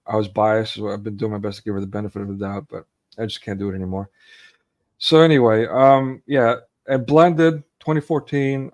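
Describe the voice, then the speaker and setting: A man's voice: on the low side, a little mellow. A man in his forties, co-hosting an online talk on a video call, speaking earnestly and getting emotionally charged, often restarting his sentences. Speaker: co-host. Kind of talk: casual online discussion.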